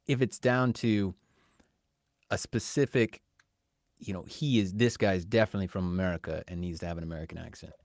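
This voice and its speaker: A fairly low-voiced man co-hosts a podcast in an easygoing, animated way, slipping into other people's voices as he rants. His voice is recorded close and dry, with almost no room sound. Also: brisk, vocal fry, no room sound. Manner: animated, ranting, acts out quoted voices. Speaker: podcast co-host. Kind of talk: casual conversation.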